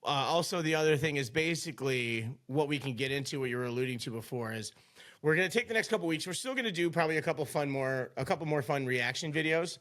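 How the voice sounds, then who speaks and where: Chatty male podcast co-host with a higher voice and an upbeat manner. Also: quick pace, fairly bright tone. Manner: upbeat, chatty, laughs easily. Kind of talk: casual chat.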